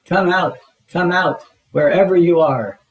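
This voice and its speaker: Guy doing a big gentle bird from a kids storybook, lifted voice, wide-eyed and friendly. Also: high-pitched, unhurried, roomy sound, recorded from a distance, slight background noise, pitched above the performer's own voice, low-quality recording. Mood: earnest.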